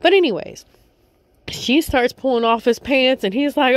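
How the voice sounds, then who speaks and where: A woman's voice: high-pitched, a little slow, no echo. A woman casually recapping a reality show episode, rambling and chatty, with lots of filler words.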